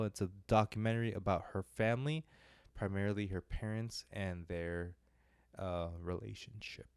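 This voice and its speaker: Young guy on a movie podcast, kinda low smooth voice, super dry close mic, lots of uh and like. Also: no room sound. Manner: rambling, filler-heavy, self-deprecating. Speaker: podcast co-host reviewing films. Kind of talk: casual podcast chat.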